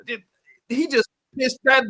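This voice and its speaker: A man on a casual podcast, ranting with lots of swearing and an animated, worked-up delivery. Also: extremely high pitch, a little slow. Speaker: podcast co-host.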